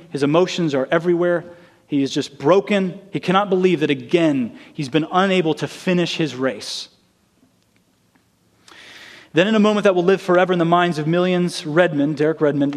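Earnest male preacher, slightly high voice. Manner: earnest storytelling, acting out quoted lines. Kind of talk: sermon.

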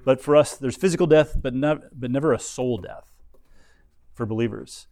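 Man, Bible teacher, explanatory, restarts phrases, middle pitch, dry close recording. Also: moderate pace, dark tone, no room sound. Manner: explanatory, frequent restarts and fillers.

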